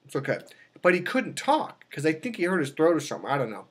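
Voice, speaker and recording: A man coaching on dating, telling a long personal story in a casual way and acting out the people in it with sudden high exclamations. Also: fast talker, slightly rough. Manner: animated, acts out quotes with sudden high exclamations.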